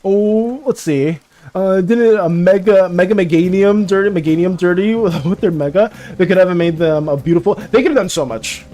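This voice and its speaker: A young man in his twenties chatting casually on his art stream, excitable and ranting, tripping over restarts and breaking into laughs. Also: sits high, normal speed. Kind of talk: casual live-stream chat.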